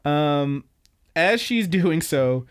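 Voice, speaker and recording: A young man in casual conversation, recapping anime episodes with loose, rambling energy and plenty of swearing. His voice sits a little high for a man. He slips into quoted voices as he tells the story. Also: extremely slow, smooth. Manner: laid-back, rambling, profane, with animated quoted voices. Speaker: podcast co-host.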